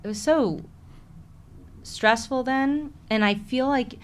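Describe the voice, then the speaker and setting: A woman's voice: high voice, takes it slowly. A woman with a Chicago accent, an actress talking candidly in a casual interview and laughing often. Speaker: actress, podcast guest.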